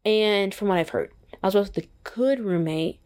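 A woman's voice: mid-range voice, normal speed. A young adult woman hosting a podcast, chatting casually and earnestly about her faith and often filling her talk with "like.". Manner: earnest and excitable, heavy use of "like". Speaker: podcast host. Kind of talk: casual faith-based reflection.

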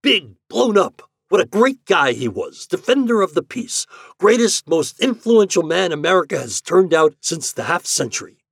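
A man voicing a scheming, chubby male propaganda chief in an audiobook story, pushy and persuasive, pitched a little higher than his narration. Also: big pitch swings, normal speed, husky, no echo, clean studio sound. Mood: persuading.

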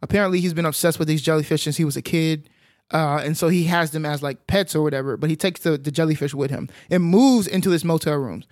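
A man casually retelling a film's plot as a podcast co-host, animated and full of filler sounds. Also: fairly high pitch, quick pace, dry recording, studio quality. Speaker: podcast co-host recapping a film. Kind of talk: casual film recap chat.

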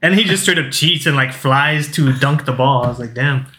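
A man's voice: medium pitch, moderate pace, sharp tone, reverberant. A man co-hosting a casual movie podcast, laid-back as he retells scenes. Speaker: podcast co-host.

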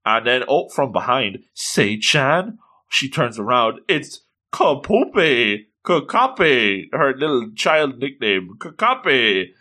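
A man excitedly reading a comic aloud and commenting, with frequent exclamations and jokes. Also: mid-range voice, takes it slowly. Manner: animated, exclaiming, joking.

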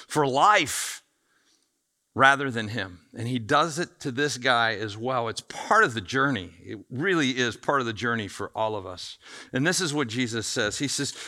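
A man preaching a conversational sermon, acting out the quoted voices with lively shifts in loudness. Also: medium pitch. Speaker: pastor.

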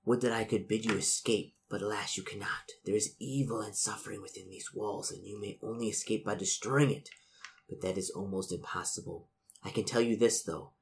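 This is the stern spirit of an aged noblewoman who speaks from a haunted portrait in a tabletop gamebook game, as a man puts her on. Her delivery is hushed, grave and solemn, and it rides on a low voice. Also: steady tone, fairly quick, slight background noise, close to an everyday voice. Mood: hushed warning.

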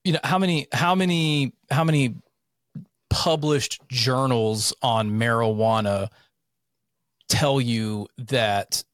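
A man in his thirties from central North Carolina, co-hosting a casual podcast chat, rambling and swearing with animated bursts. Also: medium pitch, takes it slowly, no room sound, studio quality. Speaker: podcast co-host.

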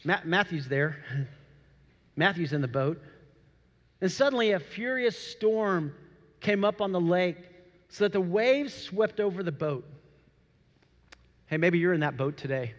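A man preaching a sermon, telling the story with animated, acted-out quotes. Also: high voice, a little slow, pauses often. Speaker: pastor. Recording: long hall reverb.

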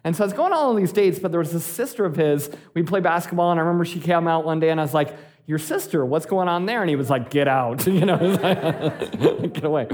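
A man in his forties, a pastor giving a sermon, telling a personal story with lively energy and frequent laughter. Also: on the high side, a little fast, few pauses. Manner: animated storytelling, laughing often.

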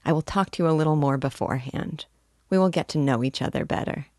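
A woman voicing a frank, cautious young woman in an audiobook reading, measured and gently firm. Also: low-pitched, dry recording, clean studio sound, lightly acted.

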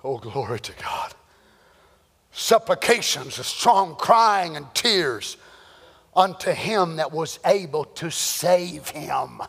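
Man, preacher, impassioned sermon, slow delivery, long hall reverb. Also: a little high, lively intonation, creaky, slightly rough. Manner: impassioned, swings from shouting to hushed.

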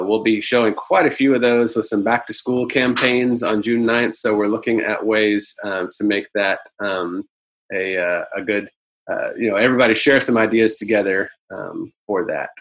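A man presenting a business webinar over a video call, talking in a halting way with many "um"s and "uh"s. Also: on the low side, poor audio.

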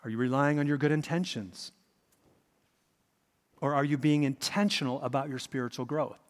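A man preaching a sermon as pastor, telling the story with expressive, dramatic emphasis. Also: medium pitch, normal speed. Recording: reverberant hall.

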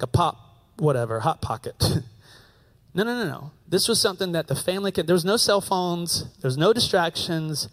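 An American man preaching a sermon, telling a story in a conversational way and repeating his key phrases. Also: a little high. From United States. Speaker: pastor.

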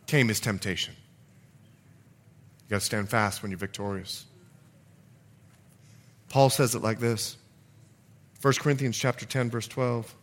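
Animated, bright-voiced man preaching. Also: mid-range voice. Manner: animated storyteller, bursts into loud exclamations. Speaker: pastor. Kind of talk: evening church sermon with personal storytelling.

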